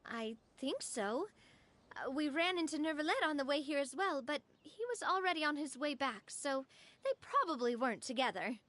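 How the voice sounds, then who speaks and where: A woman voicing a cheerful, playful young woman in a game, teasing and lively. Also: sits high, moderate pace, slight background noise. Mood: matter-of-fact. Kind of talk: game voice acting.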